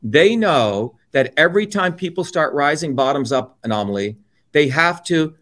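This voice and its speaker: A man's voice: fairly high pitch, animated, moderate pace, fairly bright tone. Blunt, profane man from India. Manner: blunt and profane, with mocking quoted asides. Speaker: interviewee. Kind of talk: heated political monologue.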